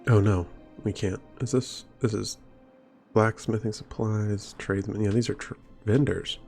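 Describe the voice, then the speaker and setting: A man's voice: lowish voice, steady tone, unhurried, vocal fry, darkish tone. A man streaming a game, rambling and wondering aloud as he plays. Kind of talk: casual gameplay commentary. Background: faint game music.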